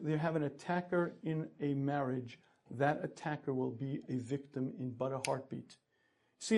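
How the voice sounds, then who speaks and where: A man giving a storytelling lecture on marriage, animated, acting out characters and often clearing his throat. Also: fairly high pitch.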